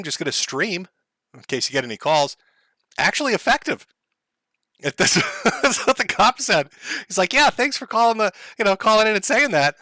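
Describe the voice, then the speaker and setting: A man's voice: fairly high pitch, pushed and bright, no room sound, clean studio sound. A man hosting a casual livestream from home, ranting sarcastically with frequent laughs, swearing and mock-tragic asides. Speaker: livestream host. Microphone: headphones and desk mic.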